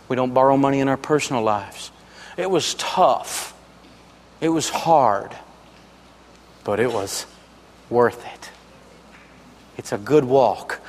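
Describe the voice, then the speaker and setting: A man with a mid-range voice gives a live seminar talk in a big-sounding room. A money speaker and radio host, he tells jokey stories in a folksy, emphatic style.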